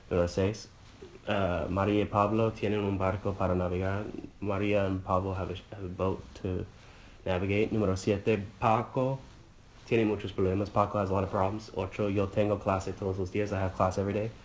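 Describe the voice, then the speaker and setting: A man with a fairly low voice talks through a review lesson, pausing with fillers and translating phrase by phrase. The recording carries a faint background hiss. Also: a little mellow, poor audio. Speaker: Spanish teacher or tutor. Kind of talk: casual exam-review walkthrough.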